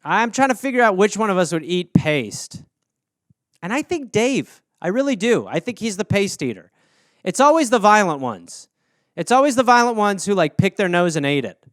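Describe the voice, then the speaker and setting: Animated high-voiced comedy podcast man. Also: no echo, clean studio sound. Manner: animated, profane, rambling riffs. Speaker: podcast host.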